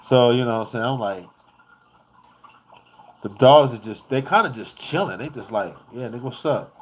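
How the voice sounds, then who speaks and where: Man, vlogger, casual storytelling, animated, rambling, profane, mid-pitched voice. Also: moderate pace.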